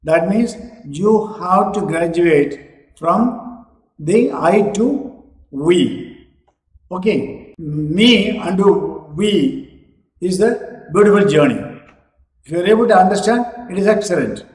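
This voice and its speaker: A man lecturing students, slow and emphatic, stretching his key words. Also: high-pitched, animated, darkish tone, echoey room, rough recording. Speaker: teacher.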